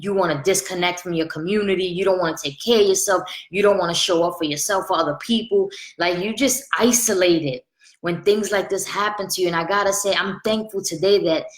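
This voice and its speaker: Earnest woman in her thirties, echoey room. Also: fairly low pitch. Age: 30s. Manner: earnest and conversational, repeats phrases for emphasis. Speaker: spiritual life coach. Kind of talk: casual motivational talk.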